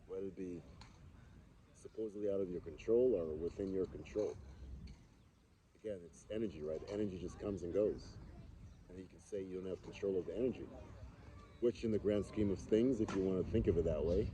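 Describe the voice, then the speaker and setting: With a low, warm voice, a man co-hosts a podcast, musing earnestly and philosophically in easygoing conversation. He repeats phrases for emphasis, and the recording has a noisy background.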